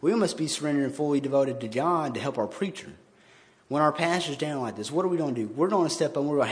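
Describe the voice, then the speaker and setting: A man's voice: fairly high pitch, expressive, quick pace. A man giving an earnest, informal sermon in place of his pastor, talking conversationally and often restarting his words. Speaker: lay church member preaching in the pastor's place. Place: church sanctuary. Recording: long church-hall reverb.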